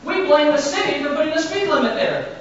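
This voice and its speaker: A man's voice: extremely high pitch, expressive, fairly quick, slight background noise. A man preaching a sermon who keeps asking his congregation rhetorical questions and acts out the words of scripture with rising emphasis. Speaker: pastor. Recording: very echoey, distant, dull sound.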